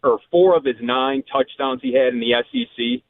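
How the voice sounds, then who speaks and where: A man calling in to a sports radio show from a cell phone, sounding frustrated and apologetic, with halting restarts. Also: a little high, sing-song, gravelly, no room sound. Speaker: caller. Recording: tinny cell phone line.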